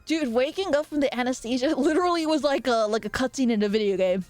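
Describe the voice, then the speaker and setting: Playful, higher-voiced woman streamer. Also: darkish tone, no echo, soft background music. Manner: playful, teasing, quick asides and frequent laughter. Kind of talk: casual live-stream chat reading viewer comments.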